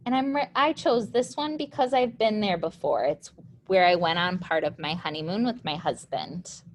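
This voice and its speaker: A woman's voice: lowish voice, expressive, normal speed, slight background noise. A young woman, teaching a recorded lesson patiently, step by step.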